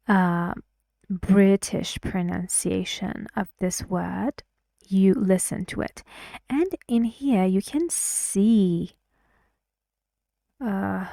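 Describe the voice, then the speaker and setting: A woman whose first language is Persian walks learners through English pronunciation in a slow, deliberate teaching voice, repeating words so they can follow. Her tone is mellow and dark rather than bright. The recording is dry and close, with no room sound. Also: medium pitch, no echo. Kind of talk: online lesson walkthrough.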